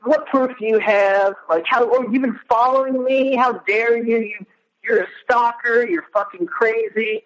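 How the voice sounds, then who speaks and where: A raging, accusing woman who swears at her husband, put on briefly by a man telling his story. The voice sits somewhat higher and is sharp with anger. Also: steady tone, a little slow, hardly any pauses, lo-fi sound. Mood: furious. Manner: cursing, accusing. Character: angry shouting woman, ex-wife.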